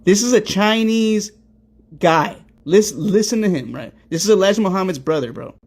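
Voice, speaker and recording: A man's voice: sits high, lively intonation, normal speed, a little mellow. Emphatic, profane man hosting a clip commentary. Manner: emphatic and profane, constant rhetorical "right?". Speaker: commentary stream host. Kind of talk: reaction commentary on video clips.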